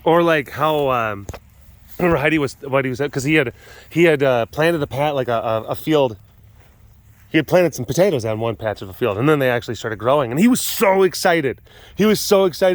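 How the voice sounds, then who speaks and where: A man's voice: medium pitch, animated, fairly quick, no echo. A man hosting a webcast from an animal compound outdoors, chatting in a rambling way with lots of fillers, laughing often and acting out quotes. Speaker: host of a wild animal facility webcast. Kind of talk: rambling casual chat.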